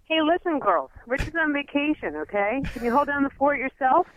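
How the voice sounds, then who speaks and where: A woman's voice: high-pitched, big pitch swings, fairly quick, a little hiss or hum, rough recording. A woman joining a podcast in casual chat, teasing the hosts with mock-tough banter. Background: crowd chatter.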